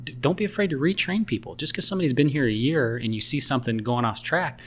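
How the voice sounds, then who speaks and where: A man's voice: medium pitch, lively intonation, fast, fairly bright tone, slightly rough. A man co-hosting a restaurant podcast in casual chat, rambling with many restarts and fillers. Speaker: podcast co-host.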